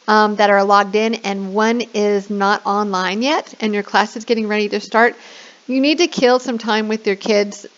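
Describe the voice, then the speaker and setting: In a screen-share tutorial, a woman who trains online English teachers shows newcomers around a classroom platform. She keeps checking in with "okay?" and slips into a bubbly, sing-song kids' voice. Her voice is mid-range and the audio is lo-fi.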